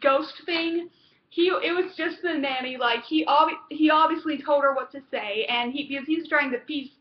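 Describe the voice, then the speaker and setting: A woman's voice: high-pitched, normal speed. A woman recapping a TV episode in casual chat, rambling and gushing, with lots of fillers and restarts. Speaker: TV episode reviewer. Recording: dull lo-fi home recording.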